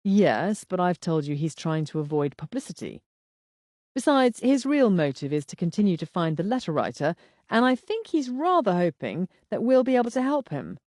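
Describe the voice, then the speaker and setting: A woman reading the lines of a suave, teasing husband in an audiobook, in a dry, unhurried manner. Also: fairly low pitch, big pitch swings, darkish tone, dry recording. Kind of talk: audiobook dialogue.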